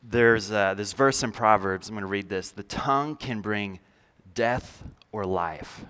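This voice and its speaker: A man with a bright, forceful voice preaching to a congregation. He talks in a loose, conversational way, full of fillers and humor at his own expense. His voice rings out with a long reverb in a big hall. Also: fairly low pitch, normal speed, clear, resonant tone. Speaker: pastor. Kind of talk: sermon. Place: large church hall.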